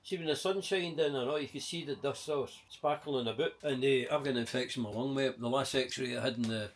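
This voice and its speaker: An older Scottish man with a broad Glaswegian accent talks casually and at length, swearing freely and drifting from one story to the next. His voice sits at an ordinary middle pitch, and he is recorded indoors at home. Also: fairly quick. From Scotland. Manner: rambling, profane, chatty with many asides. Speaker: interviewee.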